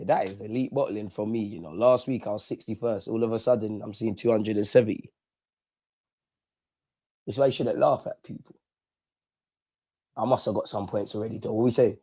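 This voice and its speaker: A man's voice: lowish voice, steady tone, normal speed, pauses often, dark tone, no echo, clean studio sound. A young man, chatting casually and animatedly on a live fan stream, full of slang. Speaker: fan channel host.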